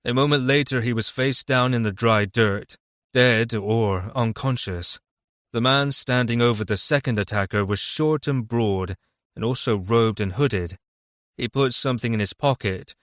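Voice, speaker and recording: A man narrating a fantasy audiobook in a steady, even reading voice. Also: medium pitch, moderate pace, no echo, studio quality. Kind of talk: scripted narration.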